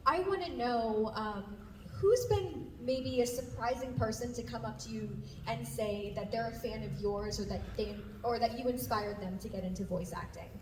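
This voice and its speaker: Woman in the crowd asking a question, a bit hesitant, higher voice, far off in an echoey hall, some noise. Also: moderate pace, few pauses. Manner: earnest, hesitant. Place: large convention hall.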